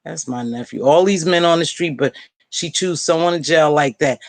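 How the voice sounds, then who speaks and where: A woman hosting a casual live-stream panel, chatting and gossiping in an animated way and calling out friends by name. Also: low-pitched, moderate pace, dry recording. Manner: animated, talks straight to viewers and friends by name. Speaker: panel host.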